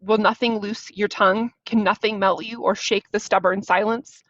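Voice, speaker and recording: A woman's voice: medium pitch, steady tone, moderate pace, fairly bright tone, no room sound, lightly acted. A hot-tempered king, read by a woman. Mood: pleading, angry. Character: proud, short-tempered male king. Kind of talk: reading a play aloud. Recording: dull, dry lo-fi recording.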